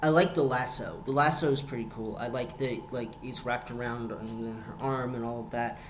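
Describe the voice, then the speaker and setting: A young man with a middle-pitched voice reviews a show in a loose vlog style, circling back on words and repeating lines for emphasis. His intonation is fairly even, his pace moderate, and a faint hiss runs beneath the recording.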